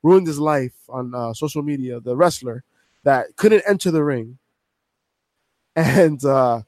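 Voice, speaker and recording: A man co-hosting a casual podcast, relaxed and wry as he tells stories. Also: mid-range voice, measured pace, no echo. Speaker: podcast co-host. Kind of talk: casual chat.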